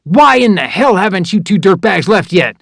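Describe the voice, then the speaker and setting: A furious drill sergeant bellows profane, sarcastic orders, as a male narrator puts him on. The pitch sits well above a man's usual reading voice and the delivery is loud and cutting, recorded dry and close. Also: very animated, moderate pace, gravelly, dry recording, exaggerated voice. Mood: livid, barking. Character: livid male army drill sergeant, barking.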